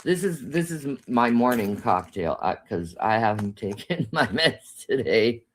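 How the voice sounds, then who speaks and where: A woman's voice: a bass voice, very animated, a little slow, slight background noise. A woman co-hosting a casual chat, talking bluntly and swearing often. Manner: profane, blunt. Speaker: co-host.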